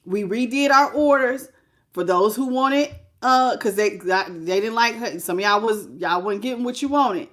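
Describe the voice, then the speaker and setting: A middle-aged woman reading tarot on a live stream, animated and exclamatory, greeting her viewers by name. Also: mid-range voice. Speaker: tarot reader.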